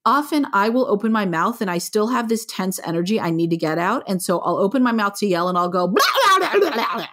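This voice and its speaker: A woman's voice: mid-range voice, fast, few pauses. A middle-aged woman, a parenting author, talking frankly and with animation in an interview. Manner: frank, animated, plainspoken with mild swearing. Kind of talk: conversational interview.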